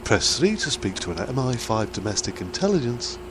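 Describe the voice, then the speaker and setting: A man's voice: mid-range voice, sing-song, brisk, lightly acted. A man putting on a stiff, formal male voice for a recorded phone menu, with overly proper announcer phrasing. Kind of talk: prank phone bit. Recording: noisy phone-line playback.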